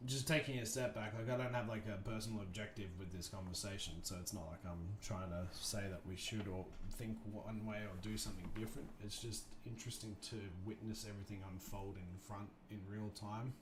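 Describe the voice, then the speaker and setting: A man hosting a livestream, chatting casually and thinking out loud, restarting his sentences often. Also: on the low side, steady tone, fairly quick, hardly any pauses, background noise. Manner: rambling, thoughtful, many restarts and fillers. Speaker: livestream host. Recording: roomy echo, faint music behind.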